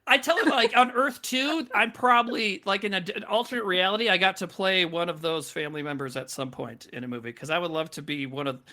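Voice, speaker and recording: A man's voice: sits high, fast, few pauses, pushed and bright. A man hosting a podcast, talking casually about movies in a rambling way, with lots of fillers and restarts. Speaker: podcast host.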